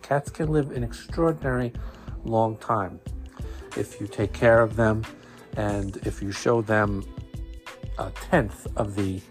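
A man with a Brooklyn accent hosting a cat podcast, talking casually and enthusiastically, often repeating words as he gets going. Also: lowish voice. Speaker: podcast host.

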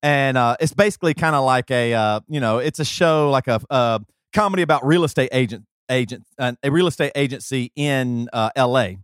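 A man's voice: mid-range voice, brisk, few pauses, smooth, no room sound, studio quality. A man in his thirties co-hosting a podcast, talking casually with many fillers and restarts. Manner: rambling, talkative storyteller with many fillers. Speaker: podcast co-host. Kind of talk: casual chat and host-read ad.

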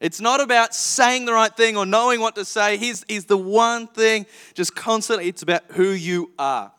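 High, bright man preaching. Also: normal speed, smooth. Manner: lively storytelling, frank and self-deprecating. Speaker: pastor. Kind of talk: sermon. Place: church auditorium. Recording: long reverb of a church hall.

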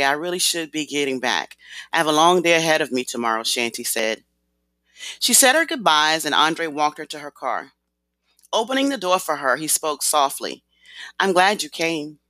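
Audiobook narrator, expressive, bright tone, animated pitch, dry close recording. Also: no echo. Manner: expressive storytelling. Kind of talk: scripted narration.

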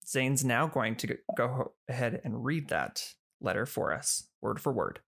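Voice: medium pitch, big pitch swings, measured pace, gravelly, a bit bright, slightly rough. Chatty podcast host narrating a case. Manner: chatty, giggly, explains with self-corrections. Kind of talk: casual storytelling narration.

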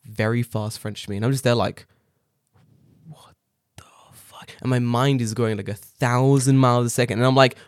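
A man from England chatting casually, telling animated stories full of swearing. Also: mid-range voice, fast, hardly any pauses, no echo, clean studio sound. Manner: swearing, animated storytelling with laughs. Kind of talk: casual chat. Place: living in Japan.

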